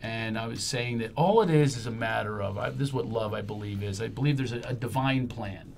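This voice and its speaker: A man's voice: lowish voice, brisk, vocal fry, a little hiss or hum. A middle-aged man with a Philadelphia accent, hosting a casual comedic chat and teasing his guests. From Philadelphia area. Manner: joking, teasing, animated. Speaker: podcast host.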